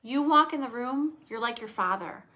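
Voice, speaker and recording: A woman's voice: on the high side, lively intonation, moderate pace, pushed and bright. A middle-aged woman hosting a podcast, chatting candidly and emotionally, rambling a little. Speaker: podcast host. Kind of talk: casual podcast chat.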